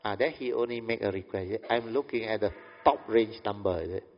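A man's voice: lowish voice, a little fast. A man telling anecdotes in a Buddhist talk, often repeating "I said", chuckling, and asking "understand?". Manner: chuckles often between lines. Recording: dull reverberant hall recording.

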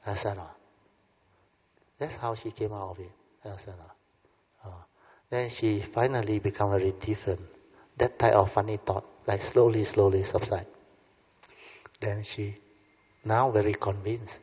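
Husky teacher in a hall. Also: male voice, fairly low pitch, normal speed, long pauses. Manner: animated, acts out dialogue, keeps asking "understand?". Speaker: Buddhist teacher. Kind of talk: storytelling dharma talk. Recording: dull lo-fi sound with long hall reverb.

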